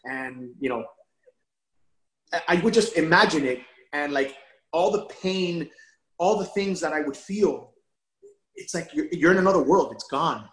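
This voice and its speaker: A man telling a personal story as an interview guest, animated and emotional, often repeating words as he restarts. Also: a little high, a little slow, pauses often, roomy sound, poor audio. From Miami area. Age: adult father of a young son.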